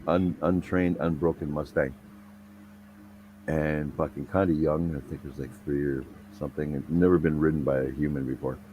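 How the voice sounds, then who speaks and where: Young guy, booming low voice, swearing storyteller, laid-back chat. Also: dark tone, slight background noise, rough recording. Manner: profane, rambling anecdotal delivery.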